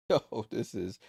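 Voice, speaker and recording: With a smooth, medium-pitched voice, this livestream host watches along with a basketball game, reacting in exasperated disbelief. He swings between loud outbursts and quiet, muttered remarks. The recording is dry and of studio quality.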